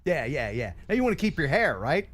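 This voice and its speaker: Lively high-voiced joking host. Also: male voice. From American South. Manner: joking, quick interjections. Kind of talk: casual livestream chat.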